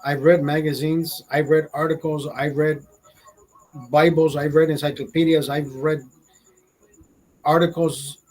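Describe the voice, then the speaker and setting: Forties Honduran man with a raised, breathy voice and a profane, indignant ranting delivery. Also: a little high, little pitch movement, a little slow, pauses often, a little mellow, poor audio. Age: 40s. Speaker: vlogger. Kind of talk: casual ranting monologue.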